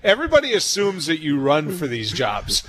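A male radio host, broadcasting live on location. He talks in a fairly high, bright register, teasing his guests and breaking into laughter between questions. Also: wildly swooping pitch, fairly quick, crowd noise. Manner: jokey, teasing, laughs often. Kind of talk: live remote radio interview.

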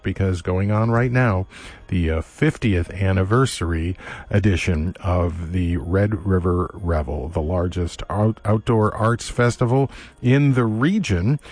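A male public radio host reading station announcements and chatting in a relaxed, halting way with many fillers, from a studio. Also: low-pitched. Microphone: studio microphone.

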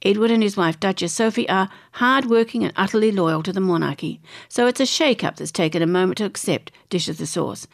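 Australian woman, gravelly fry, reads celebrity news aloud and chimes in chattily. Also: mid-range voice, brisk, hardly any pauses. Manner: chatty, chimes in with her own opinions between read passages. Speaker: presenter reading entertainment news. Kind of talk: reading magazine articles aloud with casual asides.

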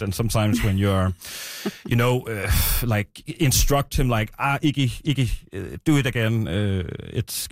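A man talking as a guest about a podcast he created. He speaks hesitantly, pausing on "uh" and restarting sentences. His voice is mid-pitched and sounds dry and close. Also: no echo. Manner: hesitant, many "uh" and restarts, relaxed. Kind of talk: interview answers.

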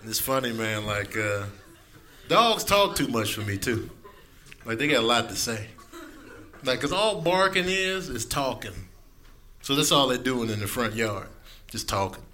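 A man's voice: medium pitch, lively intonation, measured pace, pauses often, bright, forceful tone. A male stand-up comedian telling jokes in a laid-back, chuckling way.

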